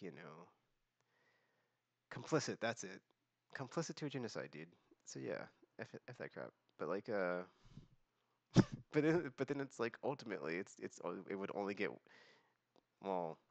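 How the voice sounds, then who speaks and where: A man's voice: lowish voice, creaky, dry recording. A young man hosting a casual monthly vlog, rambling with many fillers and restarts. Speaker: vlog host.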